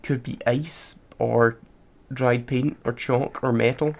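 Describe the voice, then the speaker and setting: A man's voice: medium pitch, steady tone, slow, gravelly. List: man, co-host, casual chat, reads facts aloud, stubborn. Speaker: podcast co-host.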